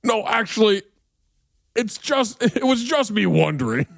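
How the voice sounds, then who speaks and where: A man co-hosting a podcast, trading quick, laughing banter in casual comedic chat. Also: high-pitched, sing-song, vocal fry, no echo, studio quality. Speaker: podcast co-host.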